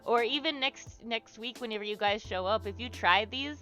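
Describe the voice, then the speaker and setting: A bright, chatty young woman with a fairly high voice livestreams at a normal pace over faint music, leading an art therapy exercise as she draws. She rambles with many fillers and restarts, swears casually, and is warm and encouraging toward viewers.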